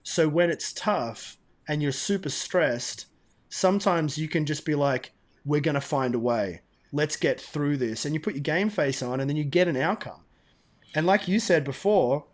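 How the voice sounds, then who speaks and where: A man co-hosting a podcast, telling stories in an animated, emphatic, casual way. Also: fairly high pitch, normal speed. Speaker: podcast co-host. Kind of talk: casual storytelling chat.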